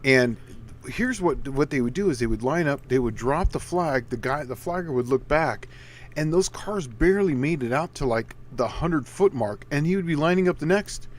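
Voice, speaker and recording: A man co-hosting a casual car talk show, animated and quick to chime in. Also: a little high. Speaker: co-host.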